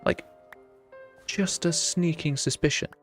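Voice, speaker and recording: A man's voice: fairly high pitch, fairly even intonation, slow pace, soft background music. A young man from the UK, chatting casually and self-mockingly while streaming a game and answering chat. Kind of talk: live gameplay chat.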